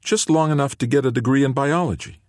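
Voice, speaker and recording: Guy doing a mopey teen boy voice, higher than his normal, mutters a lot, dry close audiobook sound. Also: fast, darkish tone, no echo, close to an everyday voice. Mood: eager. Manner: sulky, muttering, eager when hopeful. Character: awkward, restless teenage boy longing to leave.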